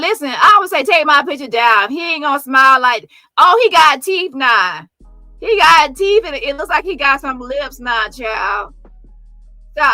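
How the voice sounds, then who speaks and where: High bright sassy woman commentator. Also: no room sound, poor audio. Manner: sassy, profane, mocking impressions. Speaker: commentary vlogger. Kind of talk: casual commentary on photos.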